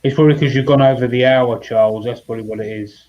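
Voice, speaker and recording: A man's voice: medium pitch, fairly even intonation, quick pace, dull audio. Hesitant man helping out on a stream. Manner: hesitant, restarts, offers tech help. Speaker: stream panelist. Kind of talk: casual chat.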